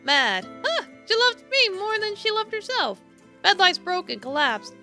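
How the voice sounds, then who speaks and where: A woman streamer reading a horror visual novel aloud in a theatrical way, swinging between hushed and emphatic lines. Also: very high voice, big pitch swings, a little slow, soft background music.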